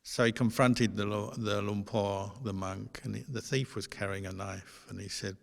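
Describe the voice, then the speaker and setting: A man, a Buddhist monk, giving a dharma talk in a gentle, conversational storytelling manner. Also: on the low side, fairly even intonation, moderate pace, gravelly. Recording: long hall reverb.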